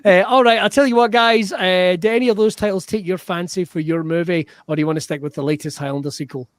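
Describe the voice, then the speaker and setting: A man hosting a live online comedy show over a video call, giggly and excitable, swearing playfully. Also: high-pitched, fast talker, no echo, studio quality. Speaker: host.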